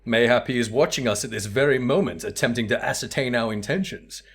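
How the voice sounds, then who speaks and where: A man voicing a pompous, theatrical gentleman inspector in a game, speaking in grandiose, old-fashioned phrases. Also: medium pitch, brisk, breathy edge. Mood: dramatic.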